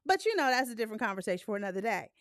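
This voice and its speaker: A young woman hosting a live movie talk stream in casual, blunt, profane chat, animated and laughing often. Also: fairly high pitch, very fast, no room sound, studio quality.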